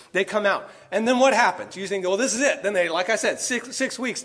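A man's voice: high voice, fairly bright tone. A man preaching a sermon, reading scripture aloud and putting rhetorical questions to his listeners. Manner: emphatic, reads scripture aloud, asks the audience questions.

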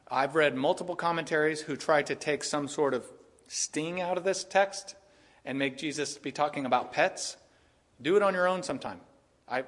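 A pastor delivers an expository sermon, earnestly peppering his listeners with rhetorical questions. His voice is medium in pitch with a fairly bright tone.

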